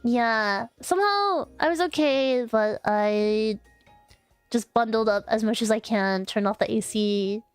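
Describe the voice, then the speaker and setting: A young woman chats to her stream with a somewhat high voice, rambling and restarting her sentences as she tells a story. The sound is dry and close, with faint music underneath. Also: a little slow, clear, resonant tone, no echo. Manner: rambling, with many fillers and restarts. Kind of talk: casual storytelling chat.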